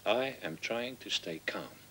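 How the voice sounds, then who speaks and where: A man's voice: on the low side, lively intonation, unhurried, fairly bright tone. An exasperated architect in a film, defending himself against accusations. He is indignant and pushes his voice up as his patience runs out. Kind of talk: feature film dialogue.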